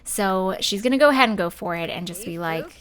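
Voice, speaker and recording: A young woman hosting a let's play, chatting casually as she plays and voicing her game characters in quick asides. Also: medium pitch, animated, a bit bright. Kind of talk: casual gameplay commentary.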